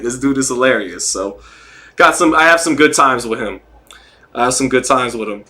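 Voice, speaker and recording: A man hosting a casual livestream, rambling, joking and reading chat comments out loud. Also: mid-range voice, lively intonation, moderate pace. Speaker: livestream host.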